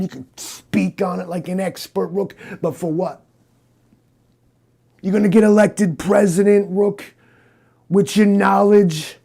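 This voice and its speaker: A man playing a gruff, cocky, paranoid cyborg detective in an improvised comedy interrogation, drawling and rambling. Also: sits high, dark tone. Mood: lecturing. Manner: repeats the listener's name, drawling and rambling.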